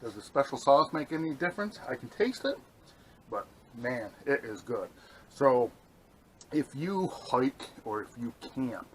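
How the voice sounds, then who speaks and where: A man's voice: medium pitch, slight background noise, poor audio. Enthusiastic rambling man outdoors. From New York state. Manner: enthusiastic, rambling, talks while eating. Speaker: outdoor vlogger. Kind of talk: casual cooking review vlog. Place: outdoors at a campsite.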